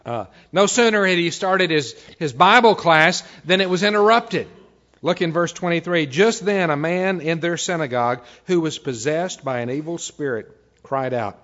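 A man preaching a sermon as a pastor, reading scripture and often dropping to a quiet, measured delivery. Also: on the high side. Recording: dull, slightly lo-fi recording.

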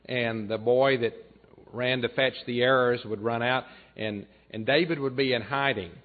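A man preaching a sermon, retelling a story in an earnest way and dropping his voice low and soft for emphasis. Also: fairly even intonation, moderate pace. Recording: tinny phone-like sound.

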